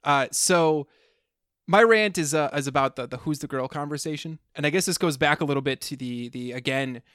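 A man co-hosting a podcast, telling a story in a rambling, animated way with frequent restarts. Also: fairly high pitch, a little fast, no room sound, studio quality. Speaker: podcast co-host. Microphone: close podcast mic, sometimes leaning away.

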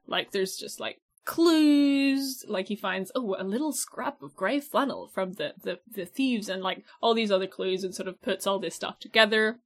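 A young woman chatting casually as a podcast co-host, loose and talkative, with frequent laughter and the odd curse word. Her voice sits at an ordinary middle pitch, and she strings thoughts together with plenty of "like". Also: normal speed, hardly any pauses. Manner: chatty, swears casually, laughs often, heavy use of "like". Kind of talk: casual chat.

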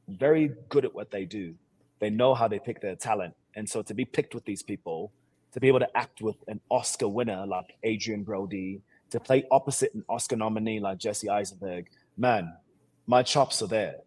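Husky man with a put-on English accent. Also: fairly low pitch. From Sierra Leone. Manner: energetic, boastful, quick-talking. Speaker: actor, guest co-host. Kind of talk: casual interview chat.

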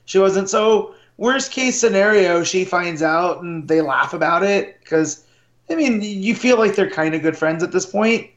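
A man's voice: high-pitched, unhurried, a bit bright, lo-fi sound. A man co-hosting a casual film review chat, talking in a laid-back way. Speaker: podcast co-host.

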